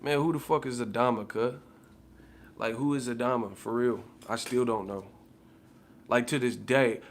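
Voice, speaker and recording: A man's voice: medium pitch, normal speed, long pauses, a little hiss or hum. A man ranting casually as a boxing commentator, heated and profane, repeating himself. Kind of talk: casual rant.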